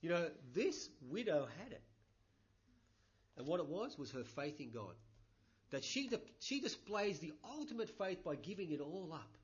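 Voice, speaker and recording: Aussie pastor preaching, high bright voice, chatty with emphatic bursts, dull lo-fi recording. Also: male voice, big pitch swings, moderate pace. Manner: conversational, many 'you know' fillers, rising emphatic bursts. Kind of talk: sermon.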